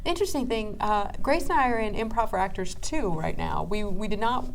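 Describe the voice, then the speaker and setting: A woman's voice: medium pitch, expressive, a little fast, noisy background. A young woman hosting a podcast in casual chat, playful and jokey, laughing often. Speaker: podcast host. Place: room at a comedy theater.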